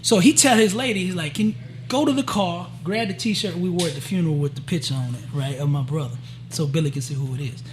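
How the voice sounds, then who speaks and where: Give me a man telling a story in plain, casual talk, slightly high in pitch and with a faint hiss behind him. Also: quick pace. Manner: animated storyteller who acts out the quoted dialogue; frequent "right?" and "you know" to check in with listeners. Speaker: guest sharing a personal testimony.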